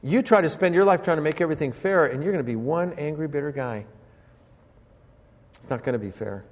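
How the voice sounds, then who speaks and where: An older man preaching a sermon as pastor, telling family stories and acting out voices with sudden high jumps in pitch. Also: a little fast, long reverb tail. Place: church sanctuary.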